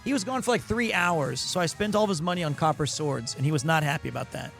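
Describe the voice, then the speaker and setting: A high-pitched male streamer whose voice is hoarse and worn. He rambles excitably in casual chat and pokes fun at himself. Clear game music plays behind him. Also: quick pace. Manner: rambling, excitable, self-deprecating. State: hoarse, voice partly lost.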